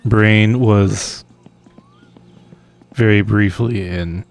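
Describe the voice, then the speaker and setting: A male game streamer talks his way through play in a loose, rambling manner. He pokes fun at himself and laughs often. His voice is gravelly and his pace is slow and unhurried. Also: lowish voice, steady tone. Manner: rambling, self-deprecating, chuckles often. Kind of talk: casual live-stream chat while playing.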